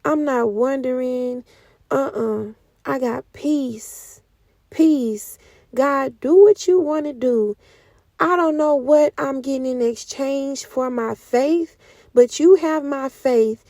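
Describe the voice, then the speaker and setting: A young woman giving an emotional spoken testimony, moving between hushed whispers and loud outcries. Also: sits high, dry recording. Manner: speaks slowly with heavy pauses. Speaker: prophetic speaker. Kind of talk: testimony sermon.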